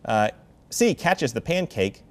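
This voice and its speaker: A man's voice: mid-range voice, big pitch swings, slow pace. A man hosting a political comedy show, playfully reading out quiz options. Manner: playful quizmaster reading multiple-choice options. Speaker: host.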